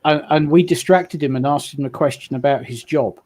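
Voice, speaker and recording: Male panelist, slightly higher voice, ranting, sweary, stammering restarts. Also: brisk, darkish tone. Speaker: panelist on a chat stream. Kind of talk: casual chat.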